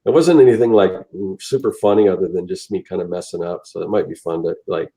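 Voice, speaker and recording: Low, mellow-voiced man chatting casually. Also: fast, low-quality recording. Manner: rambling, with frequent restarts and trailing phrases. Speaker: podcast co-host and artist. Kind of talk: casual chat.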